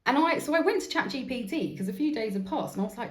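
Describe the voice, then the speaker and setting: A woman's voice: on the high side, animated, fast, reverberant. A woman hosting her own show, telling a rambling personal story in a candid, casual way and swearing freely. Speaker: host.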